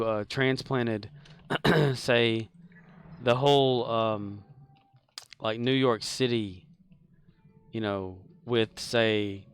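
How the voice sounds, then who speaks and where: A man talks loosely on a live game stream, full of "um" and "like". His voice sits at a middle pitch, and he chuckles at his own asides. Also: clean tone. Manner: rambling, filler-heavy, laughs at his own jokes. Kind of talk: casual live-stream chat while gaming.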